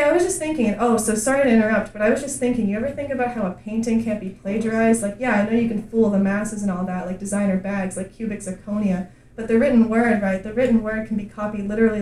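A man's voice: high voice, darkish tone, echoey room, recorded from a distance, slight background noise, natural voice, rough recording. A woman reading the part of a brash, chatty man on a bus who rambles in slang and calls everyone buddy.

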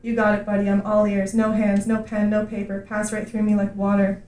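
Woman voicing a slangy, rambling bus-riding man, mellow low-key tone, roomy sound heard from a little way off. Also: monotone, brisk, recorded from a distance, lightly acted. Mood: brash. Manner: slangy, rambling, calls everyone buddy. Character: brash chatty man, bus rider.

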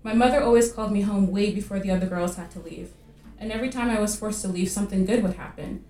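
A woman reading her own fiction aloud at a live literary reading, measured and vivid in her storytelling. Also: mid-range voice, dark tone, recorded from a distance. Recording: echoey room at a live reading.

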